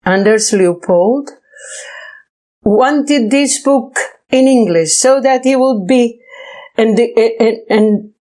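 Slow, gracious woman on a video call. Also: a little high, warm tone. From Portugal. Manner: gracious, halting, with restarts. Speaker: interview guest. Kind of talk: conversational interview answers.

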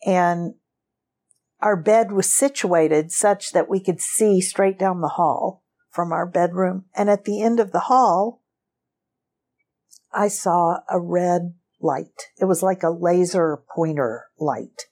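A woman recounting a personal experience as an interview guest, unhurried and often breaking into a laugh. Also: fairly low pitch, darkish tone.

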